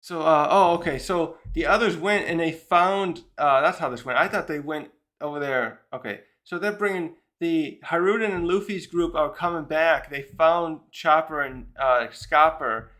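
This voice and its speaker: A man's voice: fairly high pitch, moderate pace, few pauses, fairly bright tone. A man casually recapping a comic chapter, rambling with many fillers and restarts and briefly acting out the characters' lines. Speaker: manga reviewer.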